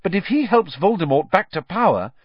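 Man reading earnest teen boy wizard, pitched up, anxious, dull lo-fi sound. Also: very animated, brisk, breathy edge, no room sound, exaggerated voice. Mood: distressed. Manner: urgent, pleading, rising pitch. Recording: slightly dull lo-fi audio.

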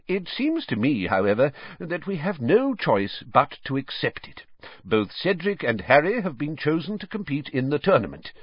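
A man voicing a calm, authoritative old male headmaster who speaks in a measured, courteous way, on slightly dull audio. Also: on the high side, breathy edge, dry recording, voice pushed up, full character voice. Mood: firm. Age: older.

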